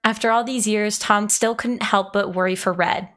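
Young woman, host, reads fan fiction aloud, giggly, animated, medium-pitched. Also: moderate pace.

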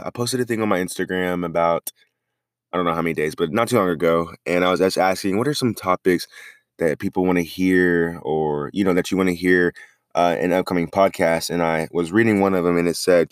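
A man hosting a podcast, talking through a Bible story in a relaxed, conversational way with frequent restarts. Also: deep voice, no room sound, clean studio sound. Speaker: podcast host. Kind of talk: casual faith podcast talk.

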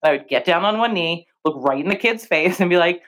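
A young adult woman co-hosting a casual podcast, telling stories and acting out what people said, laughing often. Her voice sits on the low side for a woman but swoops widely as she talks. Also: quick pace. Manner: animated storyteller, laughs often, acts out quoted voices. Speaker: podcast co-host. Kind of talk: casual chat.

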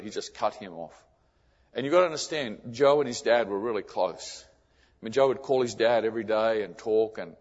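A man preaching a sermon as a missionary, telling a personal story in an earnest way. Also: mid-range voice. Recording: echoey hall, dull lo-fi sound.

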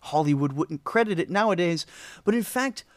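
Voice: mid-range voice, expressive, moderate pace, dry recording, studio quality. A narrator retelling an ancient tale in scripted storytelling style, with wry humor and casual asides. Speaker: history storyteller.

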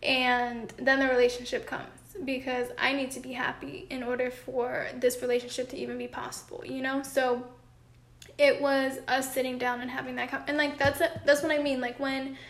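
A woman's voice: high-pitched, little pitch movement, moderate pace, a bit bright, reverberant. A woman co-hosting a podcast, chatting earnestly about relationships in long flowing sentences, at home with her cat. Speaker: podcast co-host.

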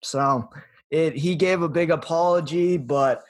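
Young male co-host, slightly high voice, halting and giggly delivery, casual podcast chat. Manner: hesitant, self-correcting, laughs often.

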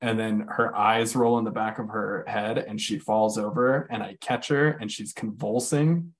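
In a lowish, fairly even voice, a man tells a frank personal story during casual talk. He swears freely, fills in with lots of filler words and slows on the weighty parts.

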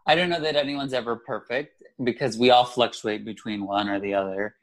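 A man's voice: mid-range voice, brisk. A man co-hosting a casual podcast, talking in a reflective, chatty way and laughing at himself. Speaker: podcast co-host.

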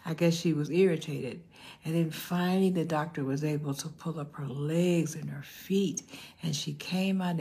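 An older woman preaching a sermon with a low, gravelly, husky voice. She tells a story at an unhurried pace and now and then sinks into a hushed whisper to stress a point. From United States. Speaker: pastor.

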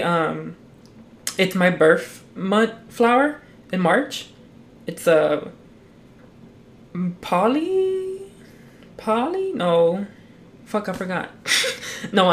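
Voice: mid-range voice, slight background noise. A young adult hosting a solo podcast into a mic, chatting casually, rambling with lots of restarts and constant swearing. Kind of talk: casual chat. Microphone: talking into a mic.

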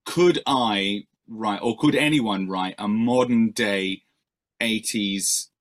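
A man's voice: fairly low pitch, slow. A male musician answering interview questions in a rambling, self-deprecating way, with many fillers and restarts.

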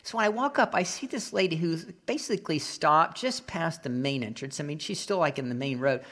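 A male pastor delivering a sermon, telling a personal story with animated acted-out voices. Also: on the high side, a little fast, breathy edge. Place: Florida.

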